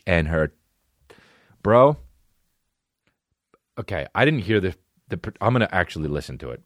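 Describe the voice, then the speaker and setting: A male podcast host rants in a profane comedic riff and restarts his thoughts mid-sentence. His pitch swings widely as he goes. The sound is dry and close, with no room around him. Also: no echo. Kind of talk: comedic rant.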